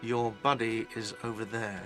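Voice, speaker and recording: A man's voice: mid-range voice, little pitch movement, normal speed, pushed and bright, faint music behind, close to an everyday voice. An actor in his late twenties playing a curt, sarcastic cafeteria manager in a game, defensive and dismissive. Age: late 20s.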